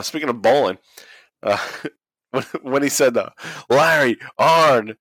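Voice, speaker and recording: On a rough, dry recording, a man with a lowish voice recaps a wrestling match blow by blow as co-host of a laid-back podcast. His commentary is profane, full of laughter and peppered with silly voices.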